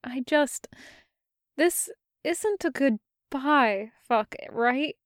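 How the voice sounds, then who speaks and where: A woman voicing an earnest, reassuring young woman, pitched higher and louder than her narration. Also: expressive, very slow, dry recording, clean studio sound, heavily acted.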